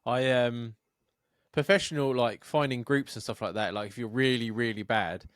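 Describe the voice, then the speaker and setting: A man's voice: medium pitch, steady tone, normal speed, clean tone, dry recording. Podcast guy, sweary and rambling, acts out people in his stories, dry close mic. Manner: sweary, rambling storytelling with acted-out quotes. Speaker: podcast co-host. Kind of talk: casual chat.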